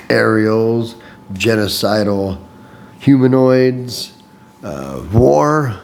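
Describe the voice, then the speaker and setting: A man's voice: lowish voice, darkish tone, a little hiss or hum. A man from Illinois giving a rambling, profane, casual recap of a rock festival as a podcast host. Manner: rambling, profane, self-deprecating.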